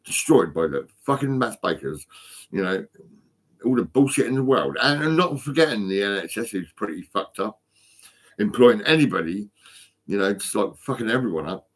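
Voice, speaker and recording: A stoned man talks into his phone in a fairly low voice. He rambles, restarts and stumbles over his words, swearing in nearly every sentence. It is a loose, unscripted vlog. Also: animated, normal speed. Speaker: vlogger.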